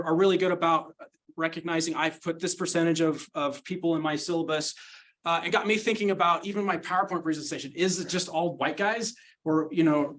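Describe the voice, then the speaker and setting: Middle-aged man, high voice, earnest reflective speaker presenting to fellow teachers. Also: fairly bright tone, low-quality recording. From Utah, United States. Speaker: university sociology teacher. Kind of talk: conference presentation. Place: conference breakout room.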